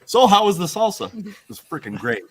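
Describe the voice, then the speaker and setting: A man's voice: high voice, sing-song, fairly quick, a little hiss or hum. A man in a casual chat who tells stories in a plain-spoken way.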